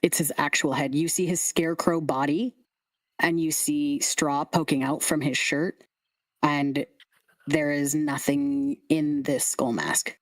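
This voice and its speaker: Low-voiced woman game master, dry sound. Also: steady tone, a little slow, dry recording. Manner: casual, describing with laughing asides. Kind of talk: narrating a tabletop game.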